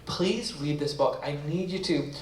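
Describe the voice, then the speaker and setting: British guy telling stories on stage, kinda high voice, laughs a lot, echoey hall, mic sounds a bit far. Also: measured pace. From Britain. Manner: chatty, self-mocking, laughing often. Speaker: author guest. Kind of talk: storytelling on stage. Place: library event hall with audience. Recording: roomy hall, mic heard from a distance.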